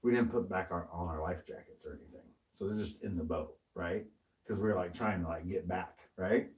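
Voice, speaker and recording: A man's voice: low-pitched, fairly quick, far from the mic, poor audio. A man co-hosting a podcast, telling a story in casual chat, swearing often and laughing as he goes. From American. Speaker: podcast co-host.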